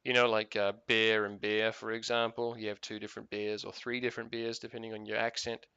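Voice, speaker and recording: A married man chats casually while he plays, rambling from one thought to the next and swearing freely. His voice is gravelly with a bright, forceful edge. The recording is dry and a little dull, like a lo-fi mic. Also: lowish voice, flat delivery, brisk, no echo. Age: adult, married for years. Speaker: gaming streamer. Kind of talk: casual chat while playing.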